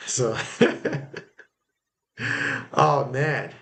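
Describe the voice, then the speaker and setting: A man's voice: mid-range voice, drawn-out words, creaky, a bit bright. A man hosting a sports livestream, talking loosely about the game with lots of fillers and reacting to plays as they happen. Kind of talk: casual live game commentary and chat reading.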